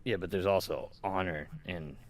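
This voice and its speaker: A man's voice: low voice, moderate pace, darkish tone. A man in a casual podcast chat, earnest and defensive, making his case about online honor. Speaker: podcast co-host.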